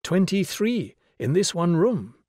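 A man doing a lively young schoolteacher. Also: high-pitched, no echo, studio quality, voice pushed up, heavily acted. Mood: lecturing. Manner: brisk explaining, questioning a class. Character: young male teacher, patient and playful. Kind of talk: audiobook character reading.

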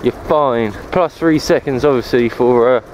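A cycle-touring vlogger rides a rural path outdoors, holding his camera in one hand and chatting casually, rambling and swearing freely. His voice is medium-pitched and darkish, a little slow, and the lo-fi audio carries a little hiss or hum.

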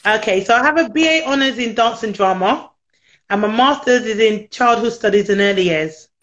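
A woman's voice: a little high, normal speed, a bit bright, lo-fi sound. A British woman chatting about her work as a nanny in an interview, laughing often and acting out what people said. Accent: British English. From United Kingdom. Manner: chatty, laughs often, acts out quoted voices. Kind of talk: casual interview chat.

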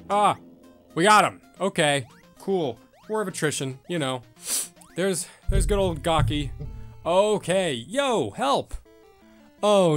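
A man commenting on a retro game as he plays, swearing and reacting loudly. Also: on the high side. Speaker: gameplay streamer. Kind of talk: excitable let's-play commentary.

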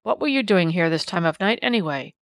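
A woman's voice: fairly low pitch, animated, fairly quick, dry recording. A woman voicing a stern male police constable scolding a crowd in a storybook reading. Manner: stern, admonishing.

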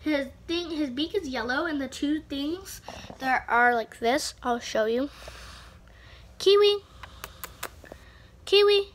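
Female vlogger, high voice, slow pace, rambling casual chat, many restarts. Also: lively intonation, slight background noise.

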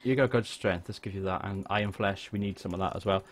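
A man with a Welsh accent chatting jokily and excitably while livestreaming a game, swearing now and then. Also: low voice, fast talker. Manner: excitable, jokey, swears freely. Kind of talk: casual live gameplay chat. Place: home room.

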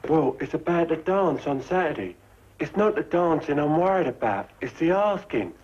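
Man playing a naive young soldier, slow, earnest and simple, slightly high voice, muffled old film sound. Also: lively intonation, a little mellow, a little hiss or hum, close to an everyday voice. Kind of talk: 1950s film comedy acting.

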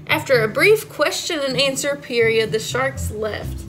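A woman librarian reading a story aloud to children in an animated way, asking them questions. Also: high-pitched, unhurried, hardly any pauses, music in the background.

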